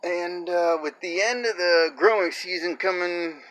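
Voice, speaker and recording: A man filming a casual gardening vlog outdoors on his small deck, talking in a halting, rambling way with lots of fillers and restarts. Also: high-pitched, a bit bright. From New Jersey. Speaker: home gardener.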